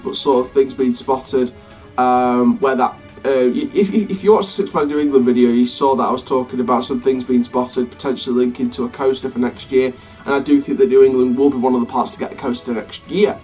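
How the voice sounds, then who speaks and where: A man's voice: medium pitch, steady tone, fairly quick, a little mellow. A man hosting a casual theme park vlog, talking in a rambling, self-correcting way with an upbeat sign-off. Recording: slightly distant mic, faint music behind.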